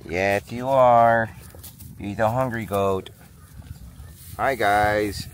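A man vlogging casually outdoors on his small farm, chatting to the camera and talking to his animals in a high coaxing voice. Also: fairly even intonation, drawn-out words. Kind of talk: casual vlog chat.

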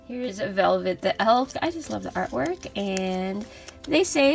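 A young woman hosting a toy unboxing video, gushing softly over each cute plush and reading out their names. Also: medium pitch, lively intonation, takes it slowly, creaky, faint music behind. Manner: gushing, soft and cooing over cute toys.

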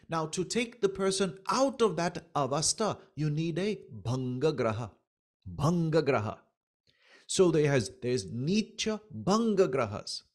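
Male astrology teacher, slightly high voice, animated lecturing that acts out little quoted exchanges.

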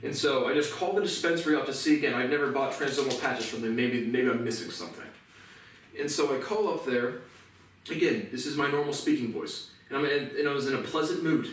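A man's voice: on the high side, fairly bright tone. A man ranting to the camera in an indignant, profane, repetitive monologue. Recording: echoey room, voice far from mic, faint noise.

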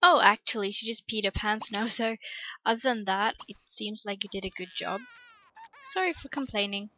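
A woman's voice: medium pitch, animated, normal speed, sharp tone, a little hiss or hum, low-quality recording. A woman casually commenting on her life-simulation game, gushing over the characters and chatting to them. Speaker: let's play host.

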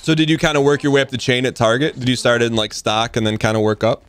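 A man's voice: mid-range voice, level tone. A young man hosting a stream, casually chatting and joking while he interviews a player over game voice chat. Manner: friendly, joking, asks quick questions. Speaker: streamer host.

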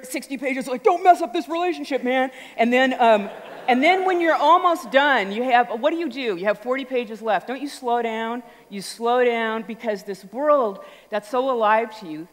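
A woman giving an animated storytelling talk on stage, acting out little voices and sounds as she goes. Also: medium pitch. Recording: long hall reverb.

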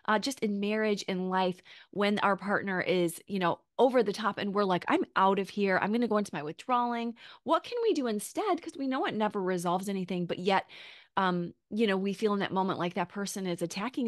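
A woman's voice: mid-range voice, no room sound, studio quality. A woman hosting a podcast interview, enthusiastic and affirming as she asks her guest questions. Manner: enthusiastic, affirming, lots of agreeing murmurs. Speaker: podcast host. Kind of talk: casual interview talk.

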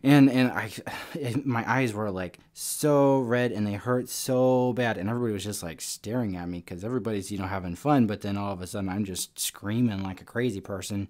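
A young man teaching a children's Sunday school lesson, telling a story in a casual, lively way. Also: on the low side, brisk. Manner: casual, storytelling to kids, animated.

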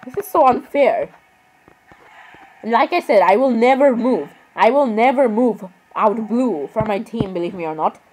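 A woman's voice: on the high side, animated, normal speed, a little mellow, a little hiss or hum, poor audio. A young woman chatting casually while she plays a game online, rambling and exasperated, apologizing over and over. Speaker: gaming vlogger. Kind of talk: casual gaming commentary.

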